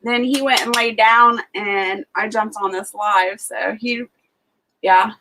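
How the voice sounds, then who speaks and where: A woman's voice: medium pitch, fairly even intonation, slow pace, bright, forceful tone, rough recording. Chatty woman with an Ohio accent. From Ohio, USA. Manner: rambling, chatty, many fillers, greets viewers. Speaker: homesteading livestream host. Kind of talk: casual livestream chat.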